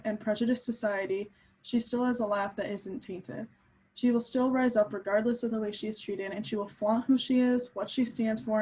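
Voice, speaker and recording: A woman's voice: on the high side, mellow, low-quality recording. A young woman giving a class presentation, speaking earnestly from notes, with occasional ums and restarts as she explains her points. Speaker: student presenter.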